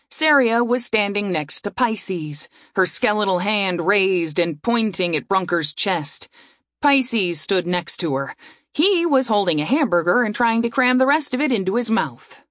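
A woman narrating a fantasy audiobook in a steady storytelling voice. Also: medium pitch, unhurried, dry recording, clean studio sound.

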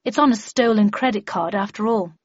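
A woman's voice: mid-range voice, a little fast, a little mellow, breathy edge, no room sound, lo-fi sound, lightly acted. A woman voicing a smug, sneering female villain who erases memories, in an audiobook reading. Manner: sneering, mocking, cold.

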